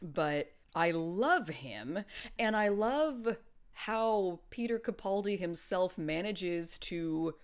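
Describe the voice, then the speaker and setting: A woman co-hosts a casual podcast chat, gushing with swoony enthusiasm. Her voice sits slightly low for a woman. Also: animated, slow pace, smooth. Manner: gushing, swoony, laughing asides. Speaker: podcast co-host.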